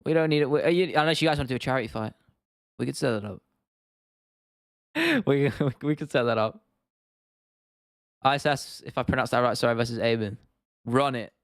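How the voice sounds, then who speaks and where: This young English host talks briskly in a mid-range voice on his casual livestream, pausing often as he reads chat comments. He rambles, keeps restarting, and laughs a lot, heard through clean, echo-free studio audio.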